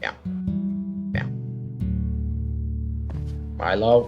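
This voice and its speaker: A man's voice: medium pitch, wildly swooping pitch, slow pace, darkish tone, lo-fi sound, faint music behind. A man streaming himself playing a game, talking casually in a blunt, amused way. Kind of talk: casual live game commentary.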